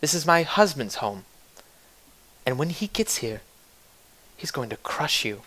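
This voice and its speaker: A man voicing a scheming woman, a blacksmith's wife, who threatens in a low, hushed voice. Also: big pitch swings, a little slow, exaggerated voice, rough recording. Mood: menacing.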